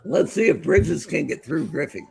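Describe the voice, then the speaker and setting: A man's voice: fairly high pitch, moderate pace, creaky, a little hiss or hum. A middle-aged man co-hosting a podcast, telling stories in casual chat and calling a game with lots of laughing. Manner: animated storyteller, laughs often. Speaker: podcast co-host.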